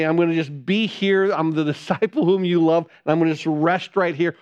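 Earnest preacher man, smooth and lo-fi. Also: on the high side. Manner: earnest, repeats words and restarts, drops to quiet emphasis. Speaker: pastor. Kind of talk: sermon.

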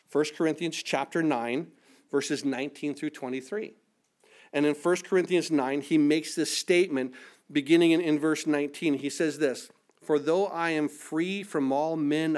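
A man's voice: on the high side, darkish tone. A man preaching a sermon as pastor, reading scripture aloud and rising for emphasis, with frequent restarts and repeated words. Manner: stumbles and repeats words when searching.

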